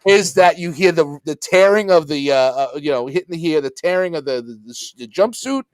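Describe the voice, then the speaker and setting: A man co-hosting a podcast, excitedly retelling movie scenes with lots of swearing and laughter. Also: a little high, fairly quick, dry recording. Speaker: podcast co-host. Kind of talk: casual movie chat.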